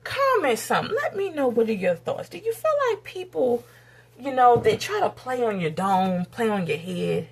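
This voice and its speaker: A woman's voice: very animated, moderate pace, gravelly, slightly rough. A woman from the United States, giving a candid, blunt and profane rant to her camera while cooking. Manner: blunt, profane and heated, with sudden rises in pitch. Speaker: vlogger.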